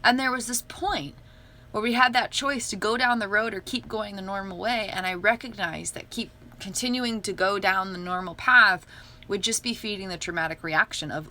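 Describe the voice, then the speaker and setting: Bright-voiced woman chatting on a livestream. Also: medium pitch, moderate pace. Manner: earnest, upbeat, laughs often. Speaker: livestream host. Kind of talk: casual livestream talk.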